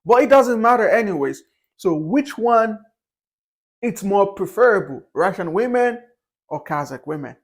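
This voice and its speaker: A young man with a notably high voice shares his views in a loose, unscripted monologue. He speaks candidly and wanders from point to point, often restarting his sentences and filling the gaps with "uh" and "you know". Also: big pitch swings, moderate pace. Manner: candid, rambling, with frequent fillers and restarts. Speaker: vlogger. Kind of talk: casual opinion monologue.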